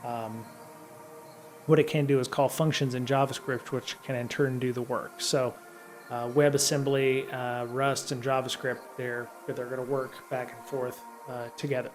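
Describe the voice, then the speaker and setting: Faint guitar music plays behind a middle-aged man hosting a live stream in a mid-range voice at normal speed. He reads steadily from a programming book, then wanders into loose chatter filled with ums and restarts.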